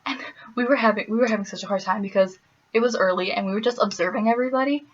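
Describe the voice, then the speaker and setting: A young woman from the US Midwest telling stories in a casual vlog, animated, laughing often and slipping in playful asides. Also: medium pitch, very fast, muffled recording. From Wisconsin, US Midwest. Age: young adult. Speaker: vlogger.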